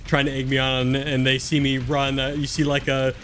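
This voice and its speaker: A man's voice: mid-range voice, completely flat delivery, moderate pace, a bit bright, a little hiss or hum. A man playing in a tabletop game, telling his character's actions in a loose, laughing way full of "like". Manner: storytelling with frequent "like", laughing. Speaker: player. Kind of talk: casual tabletop role-play.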